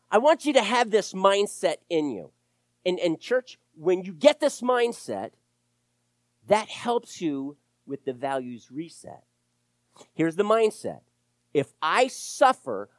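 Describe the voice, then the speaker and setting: Male pastor, animated sermon delivery, very expressive pitch, dry recording. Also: slow pace, no echo. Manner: animated preaching, rising and falling loudness.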